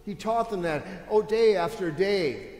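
In a church sanctuary full of lingering echo, a man with a high, slightly mellow voice preaches at a measured pace. He's expressive and emphatic, speaking conversationally and posing rhetorical questions.

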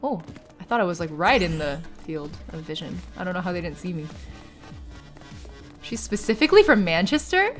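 A woman streaming a video game, chatting casually and excitably, with sudden yelps and laughter. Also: fairly low pitch, normal speed, long pauses. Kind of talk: casual gaming stream commentary. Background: faint game music.

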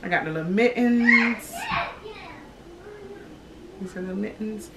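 A woman's voice: mid-range voice, slow, very noisy. A pregnant woman in her thirties chatting casually to viewers, a bit out of breath, calling them y'all as she goes. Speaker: vlogger, expectant mother. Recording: echoey home room, distant camera mic.

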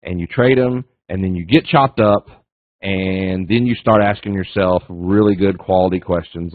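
A man's voice: low voice, normal speed, dry recording. A man giving a casual, folksy trading lesson as a guest speaker, repeating phrases and acting out little voices in his stories. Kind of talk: casual webinar teaching. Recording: dry tinny phone-like line.

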